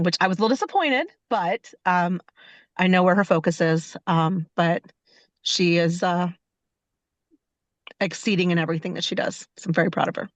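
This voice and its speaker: A woman who leads a unit, sharing in an online meeting in a soft, slightly halting way. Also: fairly low pitch, no echo, highs cut off. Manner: soft-spoken, a little halting. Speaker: workshop participant, unit leader.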